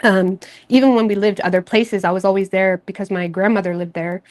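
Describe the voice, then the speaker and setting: A woman's voice: medium pitch, steady tone, a little fast. A woman from Nova Scotia, Canada, running a casual tarot livestream. She talks in a loose, rambling, confiding way, with plenty of fillers and light laughs along the way. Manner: rambling, candid and chatty, with frequent fillers and soft laughs. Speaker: tarot reader and channel host.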